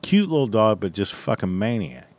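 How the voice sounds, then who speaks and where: Man, blunt and profane, rambling casual story, low voice, dry close sound. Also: very animated, moderate pace, darkish tone, dry recording.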